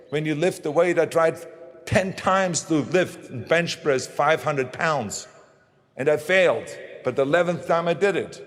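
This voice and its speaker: A man with a German accent giving a motivational speech in emphatic, punchy short phrases. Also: on the high side. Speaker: motivational speaker. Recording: long hall reverb.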